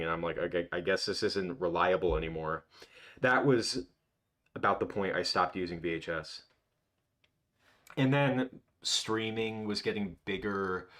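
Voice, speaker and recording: Young male livestream host, lowish voice, loose rambling delivery full of false starts. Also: fairly bright tone. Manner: rambling, reminiscing, full of restarts. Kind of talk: casual livestream chat.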